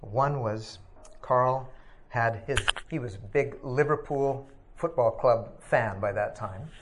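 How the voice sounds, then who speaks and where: A middle-aged man tells a personal story of faith in a thoughtful, unhurried way. He hesitates often, filling gaps with soft ums and uhs. His voice sits at an ordinary pitch for a man. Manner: reflective, halting with frequent ums and uhs. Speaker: speaker sharing a personal testimony. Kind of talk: personal testimony talk.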